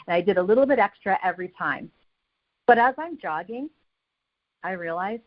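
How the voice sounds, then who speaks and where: A woman's voice: mid-range voice, lively intonation, normal speed, pauses often. A woman giving a motivational talk as a guest speaker on a team call. She speaks with energy and emphasis and repeats phrases to drive each point home. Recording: dull lo-fi call audio.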